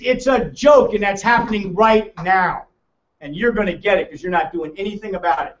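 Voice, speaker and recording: A man giving a brash, joking financial seminar to a room, teasing the audience as he talks. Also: sits high. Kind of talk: lively seminar talk to a room. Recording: roomy, distant, muffled room recording.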